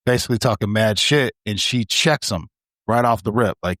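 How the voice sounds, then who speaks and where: A low-voiced man talks quickly and bluntly, telling stories with profane, emphatic asides. The recording is dry and close. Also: dry recording. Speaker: podcast co-host. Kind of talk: casual chat.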